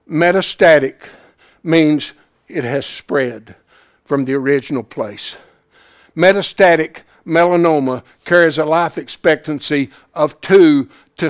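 A man preaching a sermon, fervent and repetitive, swinging between hushed storytelling and excited exhortation. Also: on the high side. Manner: repeats phrases for emphasis.

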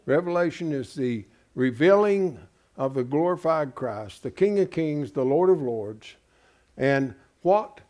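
A man's voice: fairly high pitch, a little mellow. A pastor preaching in an emphatic, folksy way, asking his congregation rhetorical questions. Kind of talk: sermon.

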